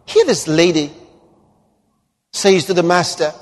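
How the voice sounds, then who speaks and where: A man's voice: high-pitched, big pitch swings, takes it slowly, slightly rough, long reverb tail. A man preaching a sermon emphatically, his voice rising to fervent exclamations.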